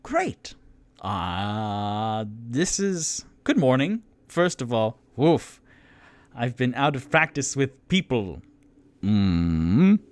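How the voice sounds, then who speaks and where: A man's voice: mid-range voice, very animated, slow, pauses often. A man doing Tutu, a flustered eager adventurer. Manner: flustered, rambling, apologetic. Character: eager, awkward male adventurer.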